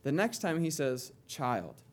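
A male preacher with a somewhat high voice delivers a sermon in a conversational tone. He drops into soft, low asides, then rises into emphatic scripture reading. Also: sing-song, measured pace.

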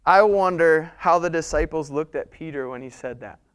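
High, clear-voiced preaching man. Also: moderate pace. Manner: animated storytelling preaching, swings between soft and loud. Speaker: pastor. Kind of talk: sermon.

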